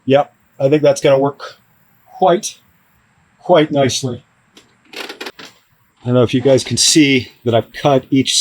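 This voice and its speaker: A man vlogging his van build to the camera, frustrated and hard on himself, with halting restarts. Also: mid-range voice, dry recording, low-quality recording. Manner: frustrated, self-critical, talks in restarts. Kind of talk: casual DIY vlog talk to camera.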